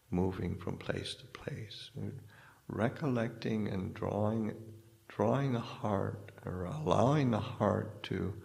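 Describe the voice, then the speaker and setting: Slow, gravelly-voiced monk giving a dharma talk. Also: male voice, on the low side, darkish tone. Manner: halting, searching for words, many restarts. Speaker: Buddhist monk teacher. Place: hall in a spiritual society.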